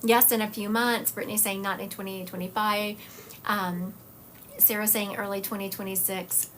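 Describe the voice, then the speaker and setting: A woman's voice: medium pitch, flat delivery, normal speed, a bit bright, a little hiss or hum. A woman hosting a live-streamed psychic reading session, talking to her chat viewers in an encouraging, direct way. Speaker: psychic medium host.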